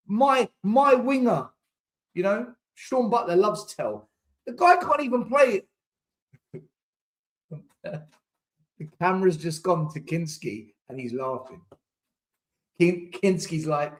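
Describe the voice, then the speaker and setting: A man's voice: high voice, animated, unhurried, pauses often. A young man hosting a live football watchalong, exasperated, swearing and repeating himself as he reacts. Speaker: fan channel host. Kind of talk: live match watchalong commentary.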